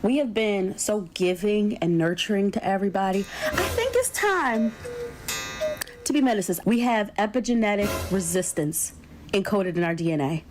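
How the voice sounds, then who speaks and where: A woman's voice: medium pitch, brisk, music in the background. A woman giving a rousing, emphatic monologue to rally listeners.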